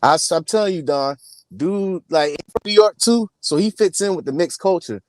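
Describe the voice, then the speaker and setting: A man's voice: high-pitched, moderate pace, slight background noise. A man hosting a podcast, teasing his co-host in playful, repetitive casual chat. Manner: teasing, playful, repeats himself.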